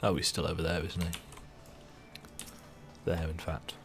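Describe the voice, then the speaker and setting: A man's voice: low-pitched, monotone, measured pace, vocal fry, faint music behind. A man casually commentating on his own live video game stream, chatty and amused. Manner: chatty, amused, mumbling to himself.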